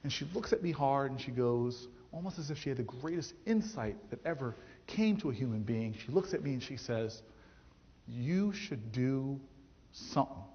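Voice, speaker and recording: A man in his thirties, a mayor, telling a story to an audience in a speech, animated and acting out the people he quotes, with frequent restarts. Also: medium pitch, fairly quick. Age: 30s. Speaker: mayor giving a campus speech. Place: large theatre hall. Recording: dull, roomy auditorium recording.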